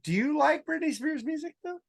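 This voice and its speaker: A man's voice: very high-pitched, expressive, a little fast, creaky, dry recording, studio quality. A man co-hosting a podcast in casual chat, crude and joking as he rambles. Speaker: podcast co-host.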